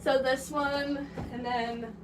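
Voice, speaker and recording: In a flat delivery, a young woman with a high voice rambles and laughs while live-streaming casual chat from a pottery studio as she works. The audio comes from a distant mic, with background noise present.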